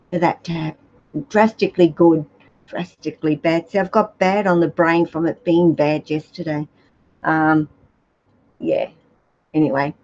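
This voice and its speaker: An Australian woman who keeps reptiles chats casually with viewers in a vlog, answering their questions. Her lowish, slightly mellow voice rambles and hesitates with many fillers, and the audio sounds dull.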